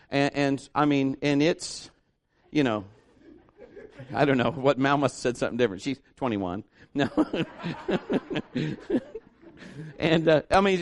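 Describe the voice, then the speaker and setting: A middle-aged man preaching a sermon at a church service, telling a story with lively asides and acting out other people's voices. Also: mid-range voice. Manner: animated storytelling, acts out voices. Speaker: pastor.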